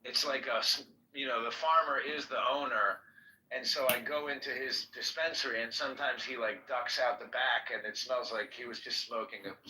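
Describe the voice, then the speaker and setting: A man's voice: mid-range voice, bright, forceful tone, reverberant, distant mic, rough recording. A man in casual chat who talks about a slight lisp, chatty and self-conscious about his speech. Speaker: guest.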